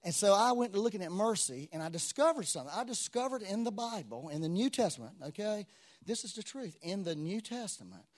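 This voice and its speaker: A man preaching a sermon, telling stories with lively swings between loud exclamations and quiet asides. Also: high voice, a little fast.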